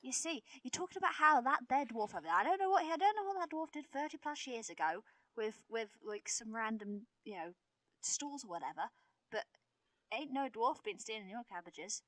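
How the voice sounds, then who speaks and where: Brief: woman playing a bright-voiced, conspiratorial country gossip, dry close sound. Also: on the high side, expressive, normal speed, no echo, rough recording. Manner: conspiratorial, folksy storyteller. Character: sly country villager spreading gossip. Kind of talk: improvised character play.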